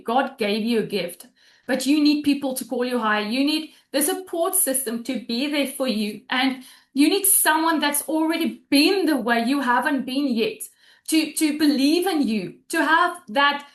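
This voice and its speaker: Woman, high voice, tearful heartfelt testimonial, video call from an echoey room. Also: a bit bright. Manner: heartfelt, close to tears, with restarts. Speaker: guest sharing a testimonial. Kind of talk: emotional personal testimonial on a webinar.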